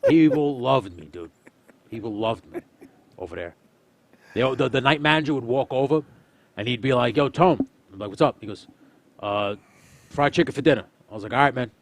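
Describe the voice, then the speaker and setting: Fast-talking man telling a rowdy story. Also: mid-range voice, vocal fry, no echo. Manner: swearing, animated storyteller acting out dialogue. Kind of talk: casual storytelling chat.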